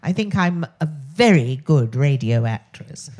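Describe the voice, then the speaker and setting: A woman's voice: low-pitched, animated, measured pace, darkish tone. An older Englishwoman with a posh English accent, a talk show guest speaking frankly and bluntly, swearing freely and laughing between phrases. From England. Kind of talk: candid talk show chat.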